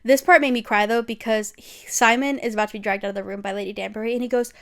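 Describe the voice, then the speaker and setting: A woman's voice: a little high, fast talker, few pauses. Chatty, gushing young woman vlogger. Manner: animated and gushing, with slang and swearing. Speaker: vlogger recapping a TV series. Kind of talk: casual, chatty recap.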